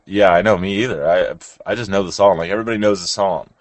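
A young man with a very low voice, chatting loosely as co-host on a show with callers. He rambles, restarts and swears offhandedly. The sound is close and dry. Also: fast talker, dry recording. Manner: rambling, swears casually, animated laughs. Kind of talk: casual chat.

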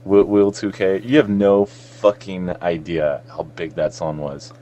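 A man's voice: low voice, flat delivery, measured pace, crowd noise. A man from South Florida co-hosting a podcast, joking around and swearing freely in casual banter. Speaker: podcast co-host.

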